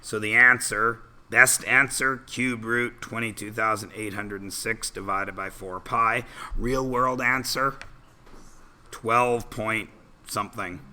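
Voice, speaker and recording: A man's voice: on the low side, steady tone, slow pace, sharp tone. A male math teacher reviewing algebra in a classroom, working through problems step by step and quizzing students as he goes. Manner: walks students through steps with questions.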